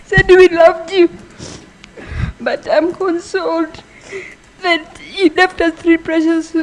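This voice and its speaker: A woman giving a funeral eulogy for her brother, halting and emotional, speaking softly. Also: very high voice, steady tone, rough recording. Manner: halting, emotional, soft-spoken. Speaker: family member giving a eulogy.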